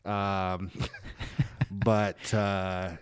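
A man's voice: low voice, extremely slow, smooth, dry recording, clean studio sound. Profane, stammering man telling stories. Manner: swears constantly, animated storytelling; stammers and restarts often. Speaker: guest telling personal stories; father of a young daughter. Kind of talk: casual profane chat.

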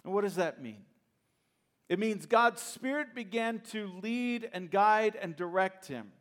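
A male pastor preaching a sermon, retelling a story with animated, humorous asides to the congregation. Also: high voice, unhurried. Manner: addresses congregation directly.

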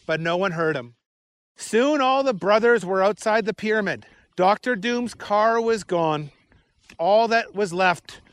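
Male storyteller, unhurried and expressive, fairly high voice, dry and close. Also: no room sound. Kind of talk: storytelling aloud.

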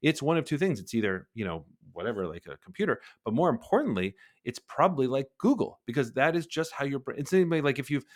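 A man's voice: medium pitch, sing-song, fast talker, hardly any pauses. A man in his forties, a guest on an interview podcast, who talks animatedly and acts out little bits of dialogue. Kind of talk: conversational interview.

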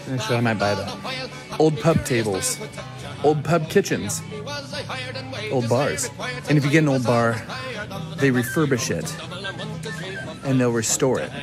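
A man's voice: medium pitch, animated, measured pace, pauses often, over music. A man hosting a travel vlog, chatty and enthusiastic as he tours a large warehouse. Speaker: travel vlogger.

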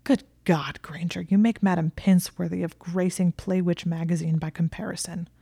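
A woman's voice: fairly low pitch, steady tone, moderate pace, gravelly, warm tone, husky, dry recording, studio quality. A woman playing a haughty, whining young wizard. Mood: plaintive. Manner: theatrical, plaintive and lofty. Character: haughty young male wizard, dramatic, whiny.

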